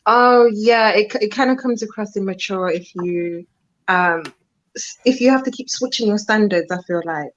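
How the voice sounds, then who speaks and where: A woman's voice: medium pitch, moderate pace, a little hiss or hum. A woman on a podcast panel, speaking hesitantly with many fillers through a headphone mic. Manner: hesitant, many ums, easygoing. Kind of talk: casual podcast debate. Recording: dull lo-fi online call audio.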